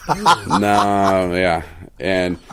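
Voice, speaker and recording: Man host, low voice, animated, acts out voices in his stories. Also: drawn-out words, slight background noise. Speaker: show host. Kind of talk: casual storytelling chat.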